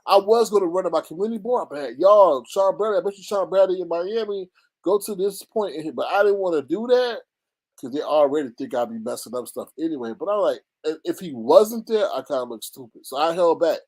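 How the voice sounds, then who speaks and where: A man doing casual gossip commentary on a livestream, reading chat and talking in an animated, dramatic way with frequent laughter. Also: fairly high pitch, brisk.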